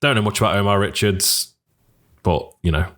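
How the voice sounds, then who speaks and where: Brief: low-pitched man, podcast co-host, relaxed enthusiastic fan chat. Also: moderate pace. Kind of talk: casual football podcast chat.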